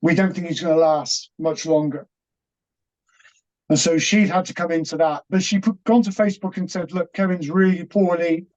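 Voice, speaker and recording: A middle-aged man, earnest and halting, telling a personal story as an interview guest with many restarts. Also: on the high side, steady tone, darkish tone. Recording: dull, muffled audio.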